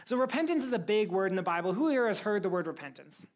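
A woman's voice: medium pitch, sing-song, fast talker. A woman teaching a Bible lesson to a young church group, telling the story with energy and quizzing her listeners.

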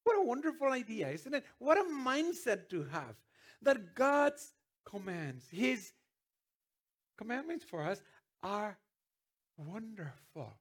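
A man's voice: high-pitched, big pitch swings, slow pace, long pauses, fairly bright tone. A man preaching a sermon as pastor, earnest, with restarts and sudden emphatic rises.

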